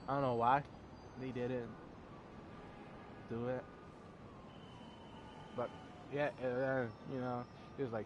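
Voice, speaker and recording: A movie reviewer gives a casual spoiler recap of a film's plot, rambling loosely with plenty of fillers and some swearing. His mid-range voice has a steady tone at a moderate pace, broken by long pauses. Background noise is present.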